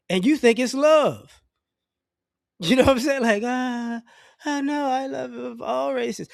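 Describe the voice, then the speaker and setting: A man's voice: high voice, dry recording, studio quality. A middle-aged man giving a blunt, profane, rambling opinion rant as a vlogger, often restarting his sentences. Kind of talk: casual opinion rant to camera.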